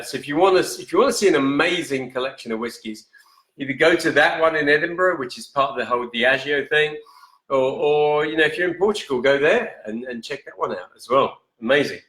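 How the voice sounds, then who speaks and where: A man's voice: a little high, bright, forceful tone, reverberant. A man hosting a live whisky show in a casual chatting way, reading out viewer comments and correcting himself as he goes. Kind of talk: casual live-stream chat. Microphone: camera in front, steps out of frame.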